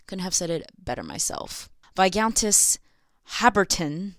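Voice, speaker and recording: A woman's voice: on the low side, very animated, measured pace. Sarcastic, giggly young American woman. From United States. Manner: sarcastic, giggly, chatty asides. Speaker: video essay host. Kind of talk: casual educational vlog.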